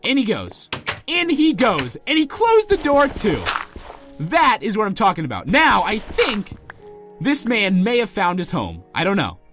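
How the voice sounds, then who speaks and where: A man's voice: high voice, wildly swooping pitch, unhurried, a bit bright, faint music behind. A man giving let's play commentary as a channel host, pleading, exasperated and melodramatic.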